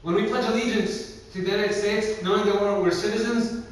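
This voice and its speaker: Young man with a high voice in an echoey hall. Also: steady tone, fairly quick. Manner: casual, filler-heavy, acts out quoted voices. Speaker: youth speaker. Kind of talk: religious talk with storytelling. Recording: echoey hall recorded from far off.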